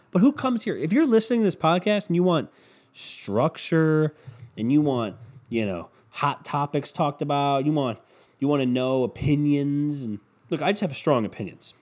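A man hosting a casual solo podcast, rambling and cursing with self-mocking humor, a bit congested from a cold. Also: medium pitch. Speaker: podcast host.

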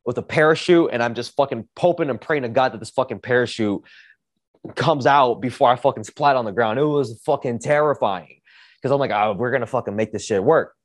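A man hosting a podcast, telling a story in a casual, energetic way, swearing often and saying "like" a lot. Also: medium pitch, brisk, dry recording, clean studio sound. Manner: energetic, profane, heavy use of "like". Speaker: podcast host.

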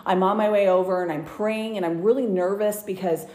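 A woman guest earnestly telling a personal faith story in casual, halting speech full of fillers and restarts. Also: mid-range voice, fairly even intonation, a little mellow, slight background noise. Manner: earnest, many fillers and restarts, gets emotional. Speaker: guest sharing testimony. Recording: roomy echo.

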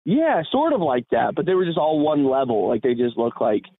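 A man co-hosting a podcast, telling a rambling, animated story full of fillers and laughs. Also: mid-range voice, moderate pace, husky, no room sound. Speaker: podcast co-host. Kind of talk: casual storytelling chat. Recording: dry, tinny phone-like sound.

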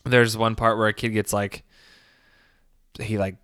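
A man's voice: lowish voice, little pitch movement, a little slow, fairly bright tone, clean tone, no echo, clean studio sound. A man casually recapping a documentary, rambling with fillers, restarts and laughs. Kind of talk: casual commentary.

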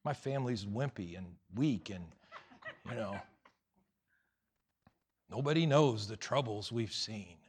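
A man's voice: fairly low pitch, expressive, slow, pauses often, slight background noise, pitched below the performer's own voice. A man voicing a self-pitying man who moans that his family is weak. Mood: whiny. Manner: mopey, moaning.

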